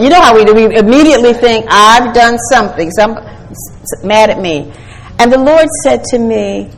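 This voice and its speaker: Older woman, sermon, high-pitched, emphatic, quotes scripture. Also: normal speed, rough recording. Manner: emphatic, asks the audience questions, quotes scripture. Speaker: women's ministry speaker.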